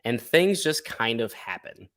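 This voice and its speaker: A man chatting as a guest on a podcast, animated and casually profane, acting out little quotes as he talks. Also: mid-range voice, unhurried. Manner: animated storyteller, swears casually, acts out quotes. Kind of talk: casual chat.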